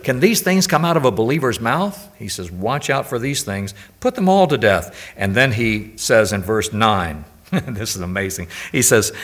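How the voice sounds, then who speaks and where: An older male preacher delivers a sermon in a relaxed, conversational way. His voice sits at a middle pitch, and he weaves in personal stories and frequent questions to the congregation. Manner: conversational, anecdotal, asks the audience questions.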